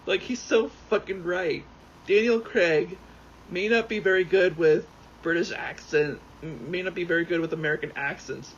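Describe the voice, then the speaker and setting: A gaming YouTuber comments casually while he plays, rambling, excitable, swearing freely and hopping between thoughts. His voice is a little high for a man and creaky, and the dull, lo-fi recording carries a faint hiss.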